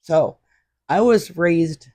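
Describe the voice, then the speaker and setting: Telling a personal story as a podcast guest, a middle-aged woman draws out her words in a lowish voice while adding lively emphasis. The sound is dry and close, with no room ambience.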